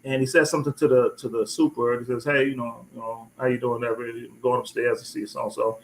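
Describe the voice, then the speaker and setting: A man hosting a casual live chat, telling a rambling story with many restarts and repeated words, lively when he quotes people. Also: medium pitch, brisk, a little hiss or hum, low-quality recording. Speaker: host.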